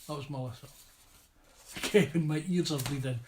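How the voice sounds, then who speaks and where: A man's voice: on the high side, lively intonation, normal speed, a little mellow, a little hiss or hum. A man co-hosting a casual live craft stream, reading viewer comments and cracking jokes. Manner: joking, playful banter.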